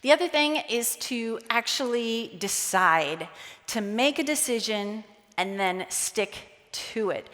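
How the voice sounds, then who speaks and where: A woman giving a conference talk on stage, lively and acting out quoted voices. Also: on the high side. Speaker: conference speaker. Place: conference hall. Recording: long hall reverb.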